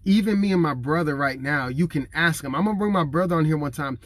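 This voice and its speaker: Talking fast with a slightly high voice and no echo, this man in his thirties preaches earnestly to the camera. He acts out other people's words conversationally while holding back tears.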